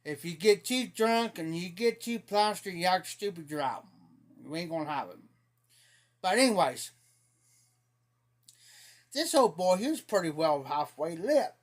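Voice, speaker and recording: A man's voice: high voice, expressive, measured pace, pauses often. A man casually telling a rambling, folksy story on a live stream, laughing at his own tale.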